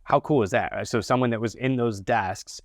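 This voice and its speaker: A man hosting a podcast interview, encouraging, with quick interjections. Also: mid-range voice, no room sound, clean studio sound. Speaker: podcast host. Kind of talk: interview conversation.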